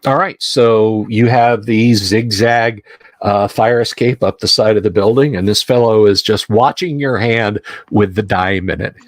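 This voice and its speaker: A man running a tabletop horror game on a livestream, narrating in a slow, halting way with many fillers. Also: on the low side, dry recording. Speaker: game master.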